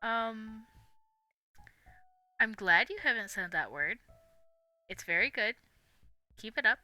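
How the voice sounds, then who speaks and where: A young woman streamer chats in a loose, giggly ramble, her voice extremely bright and smooth. The sound is close and dry, with faint music under her. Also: on the high side, lively intonation, slow, dry recording. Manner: giggly, rambling, with frequent laughs and fillers. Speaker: livestream host. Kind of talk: casual live-stream chat.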